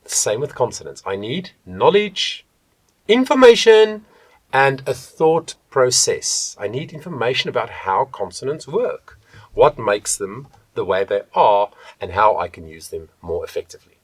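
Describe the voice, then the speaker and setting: A man working as a vocal coach, teaching vocal technique to the camera and shifting between soft and loud demonstrations. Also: medium pitch, very animated, measured pace, breathy edge, dry recording.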